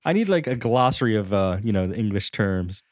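Upbeat jokey podcast host. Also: male voice, lowish voice, sing-song, fairly quick, a little mellow, no echo, studio quality. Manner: upbeat, jokey, laughs easily. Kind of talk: casual podcast chat.

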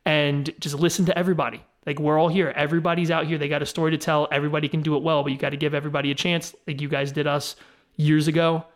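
A man's voice: fairly high pitch, level tone, rapid-fire. A man co-hosting a podcast, earnestly thanking listeners in long run-on sentences. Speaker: podcast co-host.

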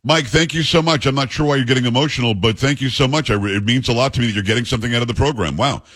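A man's voice: medium pitch, fairly bright tone. A man hosting a talk radio call-in show, blunt and opinionated, speaking into a studio microphone. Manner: blunt, opinionated, rapid asides.

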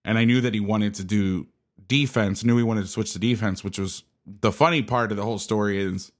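A man's voice: on the low side, steady tone, a little fast. A man who coaches football, telling a casual story and acting out the conversations in it.

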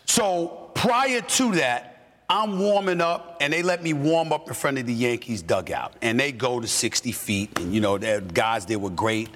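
A man hosting a sports talk show, telling a story with animated shouts and repetition. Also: moderate pace, long reverb tail. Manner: loud, repetitive, swings from low mutter to shouting.

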